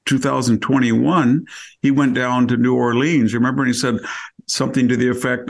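A man's voice: mid-range voice, little pitch movement, normal speed, gravelly. A man giving argumentative opinion commentary on a podcast, firing off rhetorical questions and often restarting his sentences. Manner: frequent restarts and self-corrections. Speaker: podcast regular.

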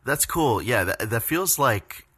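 A man co-hosting a casual podcast, playful and teasing, thinking aloud with pauses. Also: mid-range voice, animated, fairly bright tone, slightly rough. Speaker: podcast co-host.

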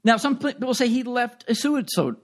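A man's voice: extremely high pitch, animated, fairly quick. A man co-hosting a podcast, recounting events casually with lots of fillers. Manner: storytelling, filler-heavy, recounting. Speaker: podcast co-host.

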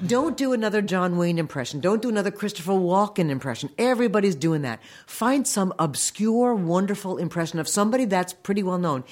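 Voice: mid-range voice, expressive, fairly quick, few pauses, darkish tone. A middle-aged animation voice director giving emphatic, practical career advice in an interview.

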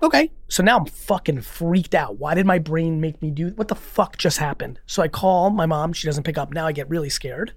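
Animated, swearing man telling a story. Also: on the high side, normal speed, hardly any pauses, dry recording, studio quality. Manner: animated, rambling, swears freely. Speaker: guest. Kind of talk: casual storytelling in a podcast conversation.

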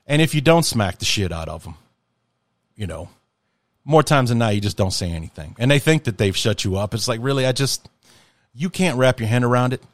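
A man's voice: medium pitch, animated, brisk, no room sound. A man hosting a casual solo podcast, talking in an impassioned, rambling and profane way. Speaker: podcast host.

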